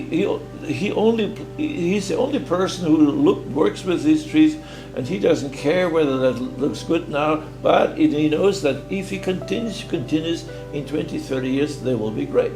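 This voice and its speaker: An older man, a native German speaker, explaining bonsai styling in a halting way, repeating his words. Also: on the high side. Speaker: guest bonsai master. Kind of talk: casual explanation. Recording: roomy echo with faint music.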